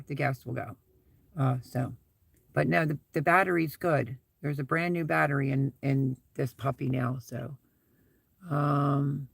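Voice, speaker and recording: A man's voice: on the high side, creaky, dry recording. A man hosting a casual live stream from inside his SUV, rambling through stories and repeating his thanks while he reads out viewer comments.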